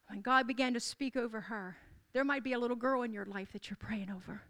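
A woman's voice: fairly high pitch, fairly quick, few pauses, fairly bright tone. A woman preaching a sermon to a congregation, declaring with rising emphasis and repeated calls.

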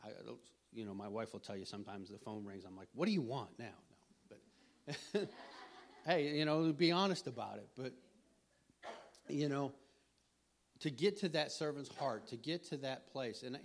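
A middle-aged man giving an informal sermon, rambling and conversational, with frequent restarts and throat clearing. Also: medium pitch, lively intonation, moderate pace, slight background noise. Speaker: preacher.

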